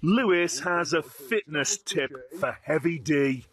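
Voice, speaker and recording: A man narrating a reality show in a measured, announcing manner. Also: a little high, animated. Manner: measured, announcing times and events. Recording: voice-over over loud music.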